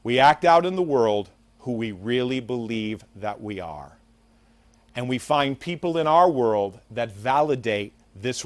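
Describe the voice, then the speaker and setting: A man's voice: mid-range voice, no echo. A man hosting a talk show, giving an earnest, preachy motivational monologue and telling a fable.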